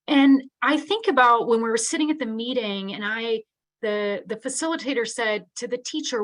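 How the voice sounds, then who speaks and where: A middle-aged woman with a somewhat high voice delivers a live online keynote on special education. Her tone is earnest and conversational, and she often tags her points with "right?" as she talks to the audience. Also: normal speed.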